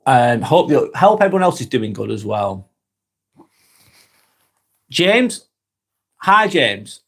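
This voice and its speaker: A man in his forties with a Northwest English accent, getting over a cold, reading out viewers' comments and chatting back in a relaxed, friendly way. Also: mid-range voice, takes it slowly. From Northwest England. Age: 40s. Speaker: live stream host reading comments. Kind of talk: casual live chat.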